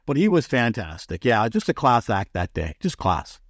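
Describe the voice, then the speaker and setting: A sports broadcaster, a man, telling excitable stories as a guest on a podcast interview. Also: medium pitch, moderate pace, no room sound, clean studio sound. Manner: animated, excitable storyteller.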